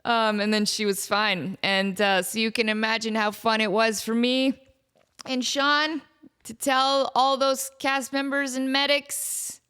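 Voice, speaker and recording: A woman in her thirties hosting a podcast, telling a comic family story in an animated way and acting out the people in it. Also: a little high, a little slow, clear, resonant tone. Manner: animated, often laughing, acts out the people in her stories. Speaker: podcast host.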